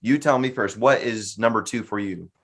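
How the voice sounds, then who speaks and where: A man's voice: lowish voice, normal speed. A man hosting a podcast, chatting casually and enthusiastically backing up his guest. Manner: enthusiastic, affirming. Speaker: podcast host.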